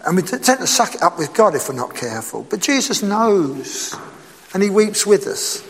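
Guy preaching, lively up-and-down voice, chatty with lots of questions. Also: sits high, moderate pace, big-room sound. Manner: animated, conversational, with rhetorical questions. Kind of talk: sermon.

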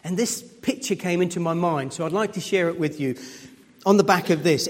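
A man's voice: on the high side, a little fast, long reverb tail. A man preaching a sermon in a church, repeating words and building up to emphatic peaks, acting out the people in his stories.

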